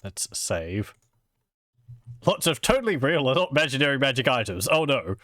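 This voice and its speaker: A man's voice: mid-range voice, very animated, normal speed, fairly bright tone, no room sound, studio quality. A man playing a retro role-playing game and chatting casually with wry asides. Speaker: let's play gamer.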